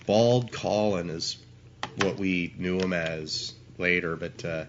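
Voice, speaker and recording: This is a slow, low-voiced man in his forties from Ontario, Canada, telling a meandering, curse-laden story as a podcast guest, with lots of restarts. The audio is dull and the background noisy.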